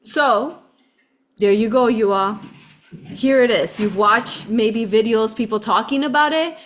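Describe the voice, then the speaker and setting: A woman's voice: a little high, measured pace, fairly bright tone, slight background noise. A woman vlogger telling a travel story to her viewers in a rambling, fervent way, often calling them "you all". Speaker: spiritual vlogger. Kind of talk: casual direct-to-camera storytelling.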